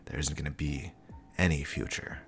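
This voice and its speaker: A man's voice: rumbling low, fairly even intonation, moderate pace, faint music behind, voice pushed down. A man voicing a stern male spy posing as a father, in clipped, earnest inner monologue. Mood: annoyed. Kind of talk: comic reading with voices.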